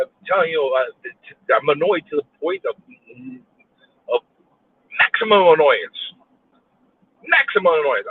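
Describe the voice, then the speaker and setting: Stuck in traffic, a male vlogger with a high-pitched, breathy voice vents alone in his car on a live stream. He's exasperated, cursing and saying the same things over and over, and the recording sounds tinny, like a phone.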